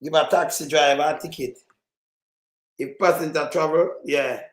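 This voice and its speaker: Jamaican male commentator, high voice, animated and rambling, roomy echo. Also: normal speed. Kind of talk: casual commentary in patois.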